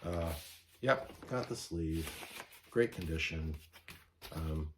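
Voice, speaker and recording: Deep-voiced man chatting about record finds. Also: expressive, takes it slowly, noisy background. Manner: rambling, self-correcting, enthusiastic about finds. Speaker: vinyl record collector vlogger. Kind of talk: casual show-and-tell vlog.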